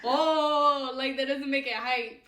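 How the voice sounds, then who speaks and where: A woman's voice: high-pitched, brisk, reverberant, a crowd in the background. A young woman chatting casually as co-host, teasing and laughing often. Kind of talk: casual chat.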